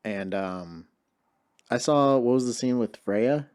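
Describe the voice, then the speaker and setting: A man's voice: mid-range voice, takes it slowly, darkish tone, clear, resonant tone. A young man co-hosting a podcast in casual chat, easygoing, swearing casually and slipping into playful voices. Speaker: podcast co-host.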